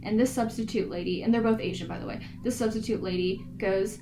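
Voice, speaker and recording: A woman's voice: a little high, brisk, few pauses, a little hiss or hum, poor audio. A teenage girl telling school stories in a casual podcast chat, acting out the people in them. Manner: animated storytelling, acts out the people in her stories. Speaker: podcast co-host.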